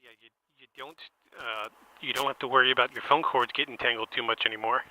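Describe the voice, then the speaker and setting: Playful male podcast host, bright voice. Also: medium pitch, fairly even intonation, quick pace. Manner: playful, acts out both sides of a phone call with shouted swearing. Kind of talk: improvised comedic phone-call story.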